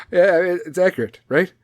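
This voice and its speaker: A man's voice: high-pitched, a little mellow, no echo, studio quality. A man in his forties hosting a solo comedic podcast, swearing constantly as he rambles in a sarcastic rant. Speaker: podcast host.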